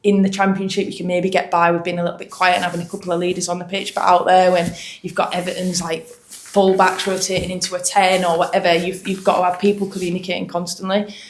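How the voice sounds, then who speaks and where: A woman's voice: fairly low pitch, level tone, fast, roomy sound, slight background noise. A young woman footballer from Hull with a Hull accent, answering post-match interview questions in a chatty way, with frequent ums and restarts. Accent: Hull English. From Hull, England.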